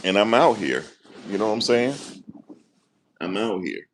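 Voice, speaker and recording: A man, talking casually and deadpan to his viewers, musing and repeating himself in slangy speech. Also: on the low side, a little slow, slight background noise. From New Jersey, USA. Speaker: vlogger. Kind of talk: casual rambling monologue.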